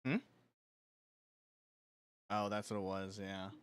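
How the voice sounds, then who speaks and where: A man's voice: on the low side, fairly even intonation, takes it slowly, clean tone. A young man streaming live, talking in a loose, rambling way with lots of fillers and frequent laughter. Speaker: livestreamer. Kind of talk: casual chat on a live stream.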